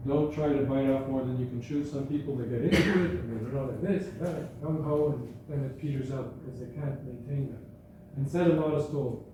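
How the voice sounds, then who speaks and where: This man speaks a little fast in a mid-range voice, with hardly any pauses. As a guest speaker in a school gathering hall, he keeps his talk informal and anecdotal, often self-correcting mid-sentence. Captured far from the mic in an echoey room, the audio has faint background noise.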